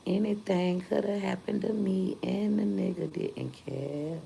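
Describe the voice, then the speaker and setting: A woman's voice: mid-range voice, measured pace, vocal fry, dark tone, a little hiss or hum, low-quality recording. A young woman, telling her story candidly and emphatically to her viewers in a casual vlog. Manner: candid, emphatic, repeats points for force. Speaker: vlogger.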